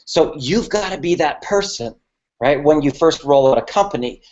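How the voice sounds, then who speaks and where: Guy coaching a business webinar, kinda high voice, keeps saying okay right, muffled lo-fi audio. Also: animated, normal speed, a little mellow. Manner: emphatic, repeats "okay" and "right" to the audience. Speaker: business mentor.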